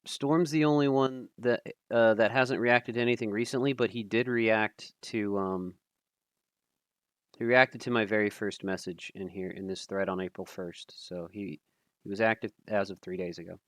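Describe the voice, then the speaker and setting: A man casually commentating a live stream, thinking aloud with fillers, self-deprecating and quick to laugh. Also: lowish voice, fairly even intonation, no echo, clean studio sound.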